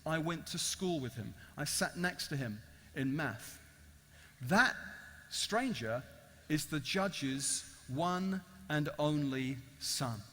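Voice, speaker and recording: A man voicing an excited young male journalist who talks in a low, confiding voice. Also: slow, heavily acted. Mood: eager confiding. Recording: echoey large hall.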